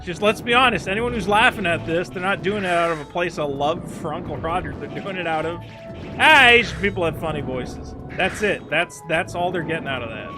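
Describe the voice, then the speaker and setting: A man with a voice on the higher side talks casually while streaming a video game. He rambles, swears freely and drops quick asides. Game music plays clearly beneath his voice. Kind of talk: casual gameplay chat.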